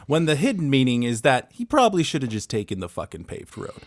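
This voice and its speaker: A man pitching a game show idea on a comedy podcast, rambling and swearing playfully as he goes. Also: wildly swooping pitch, fast talker, no echo, studio quality.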